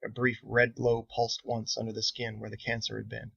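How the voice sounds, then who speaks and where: A man reading his own novel aloud in steady, measured audiobook narration. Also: on the low side, creaky, husky, highs cut off.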